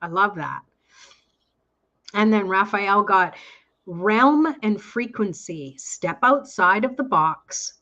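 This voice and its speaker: A woman hosting a live online tarot reading, chatting warmly with viewers and reading their cards aloud. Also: medium pitch, highs cut off. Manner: enthusiastic, reads cards aloud slowly. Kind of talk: casual live chat. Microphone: online call audio.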